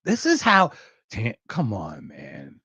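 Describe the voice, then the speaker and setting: Animated, ranting podcast host, man. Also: fairly low pitch, slow, gravelly, breathy edge, no echo, lo-fi sound. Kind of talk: casual chat.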